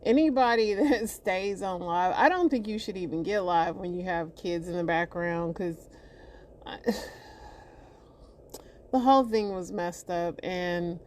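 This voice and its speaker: Give me a woman hosting casual commentary who sounds chatty, hesitant and exasperated. Her voice sits fairly low for a woman. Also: a little slow, a little mellow, slight background noise. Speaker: commentary host.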